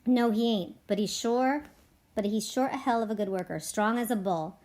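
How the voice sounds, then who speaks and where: A woman reading aloud, voicing a wary, protective farmhand who speaks in quick, defensive, folksy sentences. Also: mid-range voice, a little mellow, natural voice. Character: wary, protective itinerant farmhand, adult man.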